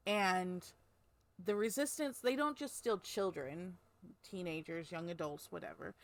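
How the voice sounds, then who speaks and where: A woman's voice: lowish voice, a little slow, dry recording. A woman co-hosting a book podcast, retelling a novel's plot in a rambling, casual way with lots of fillers. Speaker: podcast co-host. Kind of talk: casual book-club chat.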